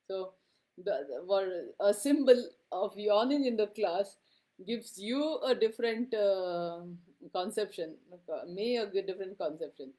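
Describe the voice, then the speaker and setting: A woman's voice: mid-range voice, lively intonation, unhurried, dark tone. A middle-aged woman giving a classroom lecture, speaking conversationally with many fillers and frequent "okay?" checks to her students.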